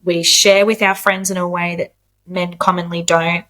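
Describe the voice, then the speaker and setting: A woman's voice: lowish voice, flat delivery, normal speed, pushed and bright. A woman in her late thirties talking as a podcast guest in a casual, candid chat. She is frank, swears freely and acts out the outbursts she quotes. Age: 30s.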